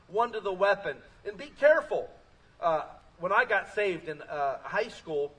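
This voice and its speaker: A man preaching a lively sermon as pastor, telling stories and rising to shouts. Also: high voice, breathy edge, recorded from a distance, low-quality recording. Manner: energetic, storytelling, rising to shouts.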